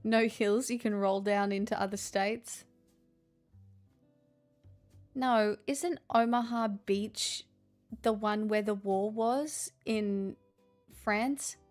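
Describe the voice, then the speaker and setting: A woman's voice: medium pitch, fairly even intonation, slow, pauses often, darkish tone, faint music behind. An Australian woman hosting a casual live stream, chatting with viewers in a sarcastic, self-deprecating way. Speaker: livestream host.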